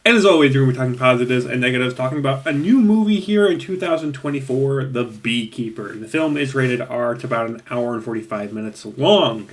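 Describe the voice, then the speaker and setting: Brisk and barely pausing, this mid-range male voice rambles through an informal movie review. He's chatty and keeps laughing at the points he makes.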